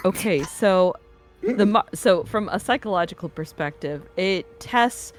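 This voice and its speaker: A woman's voice: mid-range voice, lively intonation, a little slow, soft background music. A woman playing in a tabletop game, chatting and explaining her ideas to the group. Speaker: player. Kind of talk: casual tabletop game chat.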